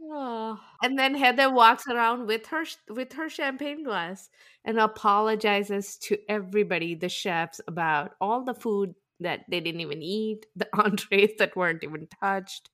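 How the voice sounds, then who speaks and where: A woman's voice: mid-range voice, normal speed, fairly bright tone. A woman co-hosting a podcast, chatting casually about reality TV, with frequent exclamations and laughter. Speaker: podcast co-host. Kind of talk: casual chat recapping reality TV.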